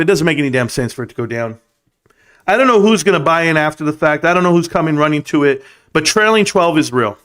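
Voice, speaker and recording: Male livestream host, middle-aged, high-pitched, boastful trash-talker with singing outbursts. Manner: brash, boastful trash talk with swearing; bursts into singing and shouting. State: out of breath. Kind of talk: hyped late-night stock talk livestream.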